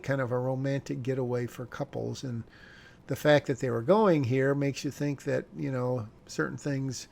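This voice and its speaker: A man's voice: medium pitch, creaky. A male screenwriter talking casually through his own script, rambling and correcting himself with wry asides.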